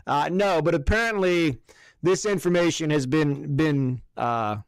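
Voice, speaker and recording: A man co-hosting a casual podcast, rambling and swearing his way through excitable rants. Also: on the high side, measured pace, smooth, dry recording, studio quality. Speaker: podcast co-host.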